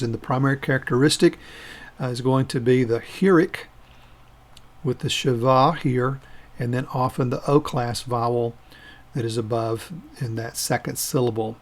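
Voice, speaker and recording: A man of ordinary pitch leads a recorded grammar lesson. He explains each form step by step in a patient, methodical way. He pauses so learners can repeat words after him. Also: steady tone. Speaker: Hebrew teacher.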